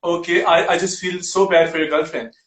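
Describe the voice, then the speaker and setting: High-voiced male host in an echoey room. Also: steady tone. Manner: teasing, brisk. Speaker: talk show host. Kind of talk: quick-fire interview questions.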